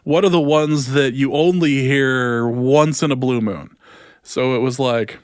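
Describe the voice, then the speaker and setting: A man's voice: medium pitch, a little slow, clean tone, no echo, studio quality. A man co-hosting a podcast, chatting casually and joking, laughing often and slipping into goofy put-on voices. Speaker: podcast co-host. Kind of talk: casual comedic chat.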